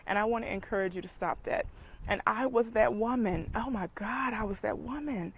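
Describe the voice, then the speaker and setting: A woman's voice: on the high side, normal speed, a little hiss or hum, low-quality recording. A middle-aged woman, giving an emphatic motivational talk as a dating coach and speaker, preaching and repeating points for emphasis.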